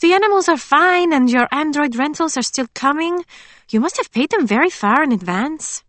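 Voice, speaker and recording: A woman's voice: lively intonation, normal speed, a bit bright, dry recording. A woman doing a bubbly, gushing young waitress. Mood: earnest. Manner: gushing, high and drawn out. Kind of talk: audiobook character voice.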